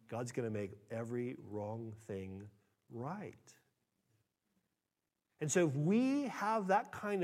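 A pastor preaching a conversational, animated sermon that swings between loud emphasis and soft asides. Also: male voice, a little high.

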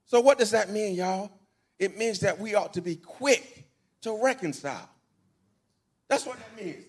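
A man with a high voice delivers a sermon in a church. He preaches in a folksy, conversational way, repeating his phrases and asking the congregation questions to draw them in. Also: animated, unhurried, breathy edge. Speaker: pastor. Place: church sanctuary.

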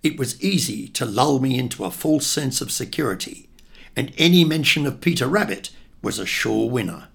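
A man's voice: mid-range voice, expressive, normal speed, gravelly, a bit bright, husky. An older man from England reading his childhood memoir in a wry, reflective way. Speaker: narrator.

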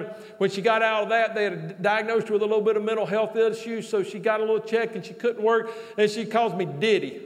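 A man telling a folksy, animated sermon story as a pastor, with loud exclamations. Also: high voice. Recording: long hall reverb.

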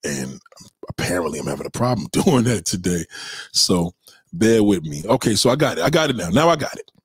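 A man hosts a livestream, talking in a loose, profane and confrontational way. His pitch swings up and down a lot, and the sound is dry and close, with no room behind it. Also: very animated, fairly quick, slightly rough, dry recording. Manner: profane, confrontational, shout-outs to viewers. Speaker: livestream host. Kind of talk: casual livestream rant.

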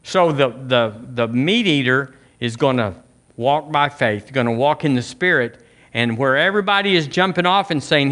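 A man's voice: medium pitch, moderate pace, a bit bright. A man preaching a sermon, talking conversationally to the congregation and asking them questions, often restarting and repeating phrases. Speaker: pastor.

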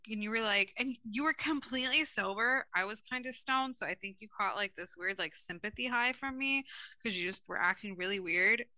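A woman with a bright, forceful voice co-hosts a casual podcast. She swears freely and tells her stories with plenty of animation. The recording is dry and close. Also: medium pitch, brisk, dry recording. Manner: brash, profane storyteller, animated retellings. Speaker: podcast co-host. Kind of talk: casual chat.

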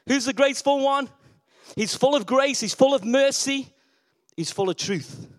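A man preaching a lively sermon, asking the congregation questions and repeating his key words for emphasis. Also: extremely high pitch, moderate pace. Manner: call-and-response questions, emphatic repetition.

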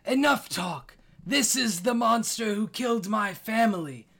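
A man doing a sneering, shouting old village elder. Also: sits high, animated, slow, voice pushed up, exaggerated voice. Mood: furious. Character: vengeful older male village elder, hostile.

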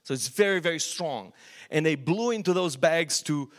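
A middle-aged man from Romania with a Romanian accent, preaching a sermon and telling his story with animated, rising questions. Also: on the high side, moderate pace. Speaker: pastor. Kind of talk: sermon testimony.

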